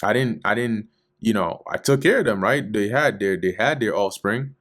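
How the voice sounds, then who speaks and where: Man doing a riled-up shepherd, voice pushed up high, loud and indignant, heated and challenging, slangy street talk. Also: moderate pace. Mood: defensive. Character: indignant, exasperated grown man shepherd confronting his father-in-law.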